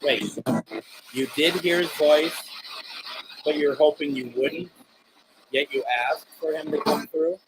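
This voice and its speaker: A man's voice: fairly high pitch, fairly even intonation, slow pace, pauses often, noisy background. A man hosting a live spirit box stream, talking to spirits and reading out viewer comments.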